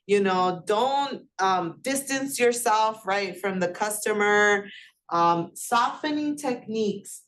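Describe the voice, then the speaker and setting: A woman's voice: medium pitch, lively intonation, takes it slowly, fairly bright tone. A woman instructor giving a classroom lecture in a conversational way, often putting questions to her students.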